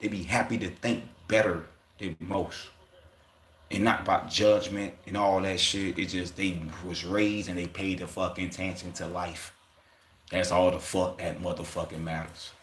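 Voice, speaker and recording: A man's voice: low-pitched, little pitch movement, moderate pace, fairly bright tone, a little hiss or hum. Man ranting profanely in an echoey room. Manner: loose, profane street talk with quoted asides. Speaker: livestream host. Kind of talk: casual livestream monologue.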